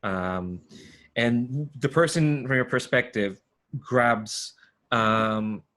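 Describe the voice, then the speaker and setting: A man's voice: mid-range voice, drawn-out words, fairly bright tone. A man narrating as game master, rambling with many fillers and restarts over a video call.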